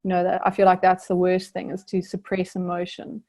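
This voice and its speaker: A woman's voice: fairly low pitch, completely flat delivery, a little fast, a little mellow. A young woman from South Africa, an Olympic rower, answering interview questions in an earnest, reflective way with many fillers.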